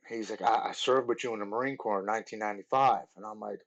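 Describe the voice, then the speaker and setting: Man in his forties, low voice, earnest storyteller, chatty podcast guest. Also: fast talker, hardly any pauses, rough recording. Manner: earnest, animated storytelling with many "like" and restarts. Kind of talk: telling his recovery story.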